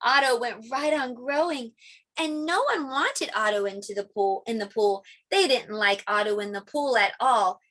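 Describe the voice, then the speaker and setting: A middle-aged woman preschool teacher reading a picture book aloud to young children, animated and playing sound effects. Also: fairly high pitch, moderate pace.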